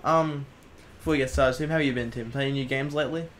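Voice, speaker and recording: A man's voice: mid-range voice, steady tone, brisk, a bit bright, slight background noise. A young man hosting a casual chat, rambling and crude and jokey. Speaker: host.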